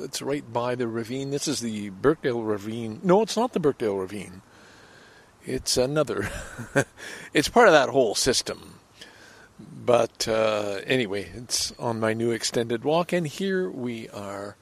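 With a creaky, mid-range voice, this older Canadian vlogger and podcaster chats to his listeners in a casual outdoor audio vlog, rambling and cutting himself off as thoughts stop and restart. He is at a station and on a bench in the city, with traffic and street sounds in the background.

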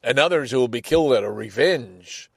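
A man's voice: mid-range voice, lively intonation, a little fast, creaky, no room sound. Candid, rambling man, dry close sound. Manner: rambling, candid, frequent restarts and swearing. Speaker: podcast host. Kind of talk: casual solo monologue.

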